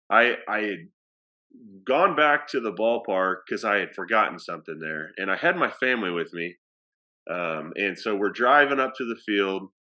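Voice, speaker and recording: A man telling a story in a casual podcast chat, his voice bright and forward. He rambles a bit, with plenty of fillers and restarts. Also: on the low side. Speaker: athletic director.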